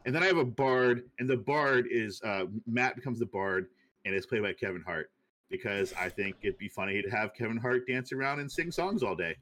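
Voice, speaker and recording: Rich: A man of ordinary pitch co-hosting a relaxed podcast. He rambles through his ideas, piles on fillers and keeps breaking into laughter between thoughts. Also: moderate pace. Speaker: podcast co-host. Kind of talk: casual chat.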